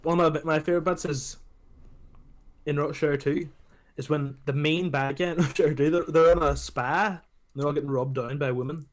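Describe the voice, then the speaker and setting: Swearing, animated man. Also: a little high, normal speed. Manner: animated storyteller, swears freely, acts out film scenes. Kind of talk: casual chat about films.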